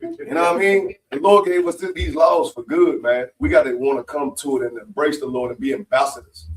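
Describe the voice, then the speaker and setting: A man exhorting a religious group in a forceful, profane manner, repeating lines for emphasis. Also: a little high, brisk. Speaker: member speaking at a religious meeting. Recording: mic far off.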